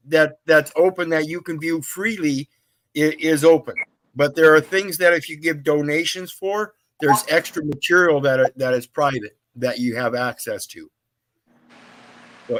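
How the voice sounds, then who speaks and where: A man hosting a casual chat, rambling and hesitant, often trailing off quietly. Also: fairly high pitch.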